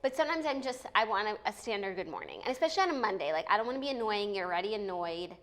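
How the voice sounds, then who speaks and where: Quick, upbeat young woman co-host. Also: mid-range voice, animated, a bit bright. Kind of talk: casual chat. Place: studio.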